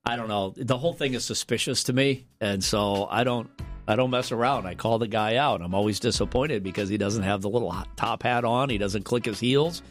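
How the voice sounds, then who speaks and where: A man co-hosting a morning radio show, chatting casually and telling jokey, animated stories. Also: on the low side, fairly quick, soft background music.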